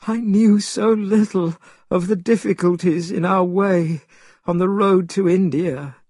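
Man doing a polite, earnest monk from a storybook, slightly raised, husky, slow. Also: fairly high pitch, expressive, no room sound, clean studio sound, pitched above the performer's own voice. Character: gentle, earnest male monk.

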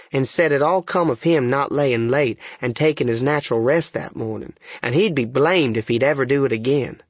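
A man's voice: medium pitch, no echo, clean studio sound. A man narrating a first-person story in a plain, folksy dialect, as an audiobook reader.

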